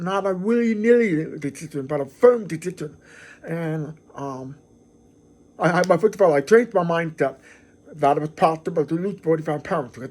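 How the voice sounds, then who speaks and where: High-voiced man, earnest rambling vlogger. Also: a little mellow, slightly rough. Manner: repetitive, restarts often, earnest and effusive. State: emotional, near tears. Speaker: channel host. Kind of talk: casual talking-to-camera vlog.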